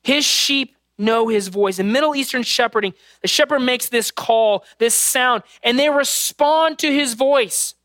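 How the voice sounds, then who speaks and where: A man's voice: very high-pitched, measured pace, few pauses, a bit bright, dry recording, studio quality. A man in his thirties preaching a sermon, earnest and conversational, mixing scripture with personal family stories. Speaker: pastor.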